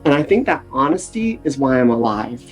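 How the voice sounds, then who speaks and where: A man speaking as a guest on a recovery podcast, sharing his experience in an earnest, animated storytelling manner. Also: medium pitch, a little fast, soft background music. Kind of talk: casual podcast interview.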